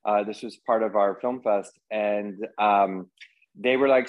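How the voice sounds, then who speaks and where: A man's voice: fairly low pitch, steady tone, normal speed, poor audio. Male podcast guest, casual storyteller, chatty and rambling. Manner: rambling, anecdotal storyteller with many fillers. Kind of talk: casual conversation.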